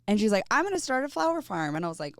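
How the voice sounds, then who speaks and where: A woman's voice: medium pitch, very animated, very fast, no room sound, studio quality. A young woman with an American accent hosting a podcast, friendly and chatty as she recalls a story. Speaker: podcast host. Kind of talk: casual interview chat.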